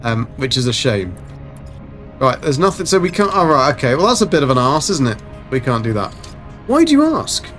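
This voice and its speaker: A man rambles cheerfully through a live game stream, chatting with viewers in a self-mocking way. His pitch sits in the middle, and soft music plays quietly underneath. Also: sing-song, fairly quick. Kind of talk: casual live-stream chat.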